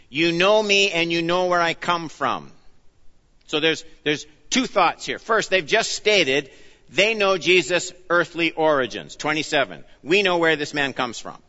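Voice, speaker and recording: Earnest pastor preaching, bright pushy voice, muffled sound with long church echo. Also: male voice. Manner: earnest, emphatic, drops low and soft on key phrases. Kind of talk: expository sermon. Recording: dull sound, long reverb of a church hall.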